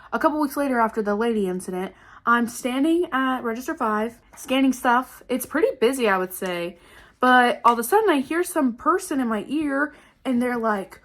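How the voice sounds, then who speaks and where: Young woman, vlogger, dramatic storytelling, casual swearing, talks to viewers as guys, fairly high voice. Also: a bit bright.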